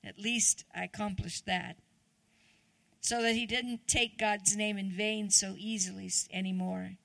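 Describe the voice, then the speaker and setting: Woman guest preacher, conversational sermon, gravelly voice, questions for the congregation, dry sound. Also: mid-range voice, steady tone, a little slow, fairly bright tone, no echo. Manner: chatty, asks the congregation questions.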